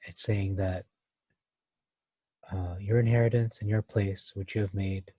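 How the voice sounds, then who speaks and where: A man's voice: on the low side, steady tone, unhurried, mellow, slightly rough. A man teaching a verse-by-verse Bible study, thinking aloud with many fillers and restarts.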